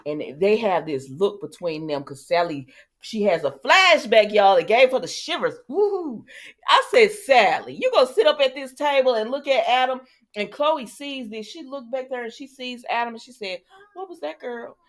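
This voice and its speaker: A woman's voice: a little high, lively intonation, normal speed. A woman casually recapping soap opera scenes in a sassy, chatty way, talking straight to her viewers and acting out the characters' lines.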